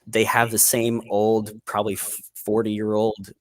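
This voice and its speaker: Halting male game master. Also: on the low side, monotone, no echo. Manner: halting, with many fillers and restarts. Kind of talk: narrating a tabletop game.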